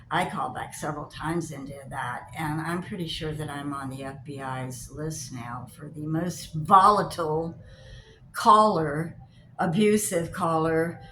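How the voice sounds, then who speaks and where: An older woman chatting to camera as a vlogger, telling stories in an animated way and acting out both sides of her phone calls. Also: deep voice. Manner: animated storyteller, acts out both sides of calls, gets loud when riled. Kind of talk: casual chat to camera. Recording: echoey room with faint hiss.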